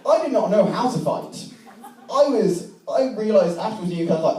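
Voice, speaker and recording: A man's voice: high-pitched, expressive, normal speed, dark tone, slight background noise. A young man, a student, telling a self-mocking comic story to a live audience, swearing freely and acting out old dialogue. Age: young adult. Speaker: student speaker at a debating society. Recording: echoey room, mic from a distance.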